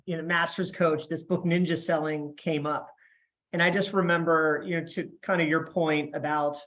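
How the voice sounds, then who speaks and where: A man joins as a guest, his voice coming through a dull, lo-fi remote connection. He tells his story in a relaxed, chatty way, stumbling and restarting now and then. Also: on the high side. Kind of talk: casual chat.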